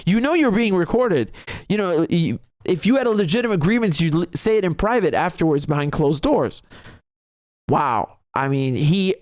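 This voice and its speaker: A man's voice: high-pitched, expressive, moderate pace, a little mellow, dry recording. A man giving heated, emphatic political commentary on a video clip, laughing often. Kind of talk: reaction commentary.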